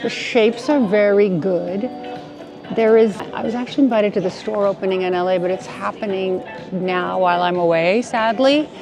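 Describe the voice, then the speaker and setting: A woman's voice: medium pitch, moderate pace, creaky, over music. A woman vlogger in the middle of her own range chats away to her handheld camera. She gushes over clothes in a playful, friendly way. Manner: chatty, gushing, playful. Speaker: fashion vlogger. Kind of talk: casual vlog chat. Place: shops and streets in a city.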